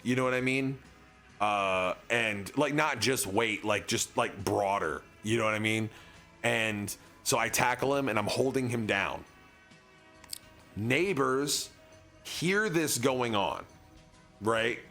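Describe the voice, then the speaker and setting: A man's voice: medium pitch, slow pace, bright, forceful tone, soft background music. A young man streaming, telling a long casual story in a rambling way, full of filler words.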